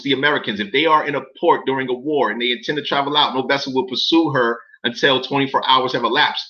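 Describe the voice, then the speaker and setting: Here a man in a mid-range voice with lively intonation reads documents to viewers at a normal speed, bright with an edge. He breaks off often to question them in disbelief, cursing casually along the way, over a muffled, lo-fi recording.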